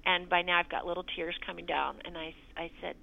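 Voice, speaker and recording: Gravelly-voiced woman telling a family story. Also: fairly low pitch, fairly even intonation, fairly quick, lo-fi sound. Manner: earnest, acts out quoted dialogue. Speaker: mother recounting a birth story. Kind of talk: personal storytelling to her grown child.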